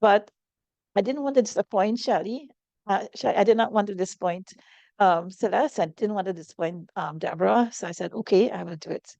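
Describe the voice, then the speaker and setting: A woman's voice: mid-range voice, moderate pace, creaky, darkish tone, no echo, dull audio. A middle-aged woman, an interview guest speaking earnestly and reflectively about personal hardship.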